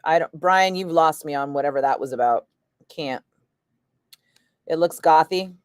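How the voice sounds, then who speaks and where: On a livestream with studio-quality sound and no room noise, a woman with a deep voice reads viewer comments at a moderate pace. She's a radio host streaming live chat, wry and chatty, slipping into swearing, and tired because she's battling a migraine.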